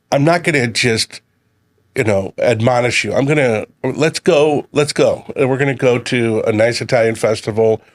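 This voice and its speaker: A man's voice: medium pitch, dry recording. A middle-aged man, a chef guest on a radio show, telling a long family story at an easy pace. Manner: relaxed storyteller, quotes his sons and himself. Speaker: guest, chef and community leader. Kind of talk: casual chat.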